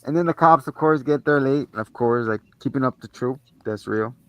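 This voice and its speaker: A man's voice: mid-range voice, normal speed, no echo, highs cut off. Slangy man retelling a movie, dry sound. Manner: slangy, animated plot retelling. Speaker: podcast host. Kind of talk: casual movie review chat.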